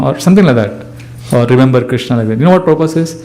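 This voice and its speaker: A middle-aged man gives a devotional lecture, animated and quick to laugh, acting out the quotes he tells. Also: medium pitch. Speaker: spiritual teacher giving a talk.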